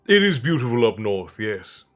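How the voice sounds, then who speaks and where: A man hosting a livestream, chatting in a rambling, friendly way with viewers between stretches of reading aloud. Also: mid-range voice. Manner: rambling, chatty, greets viewers warmly by name. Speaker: livestream storyteller and host. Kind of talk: casual livestream chat and book reading.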